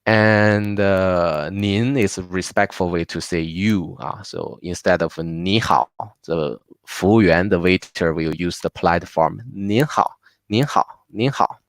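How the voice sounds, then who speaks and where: A man teaching a live online language class, patiently repeating words slowly for his learners. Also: sits low, steady tone, dry recording.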